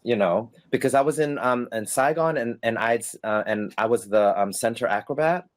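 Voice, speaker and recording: During a casual interview, a middle-aged man who used to work the stage tells stories at a moderate pace in a mid-range voice. He is animated and laughing, voicing the characters he quotes.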